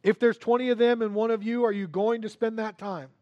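A man preaching a sermon to a church congregation, earnest and repetitive, swinging between hushed asides and loud emphasis. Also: sits high, steady tone, a little fast, dry recording, dull audio.

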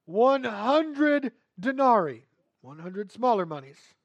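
A male preacher with a notably high-pitched voice delivers a sermon. He moves between soft, hushed storytelling and bursts of emphatic, louder preaching. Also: big pitch swings, slow pace, gravelly, muffled recording.

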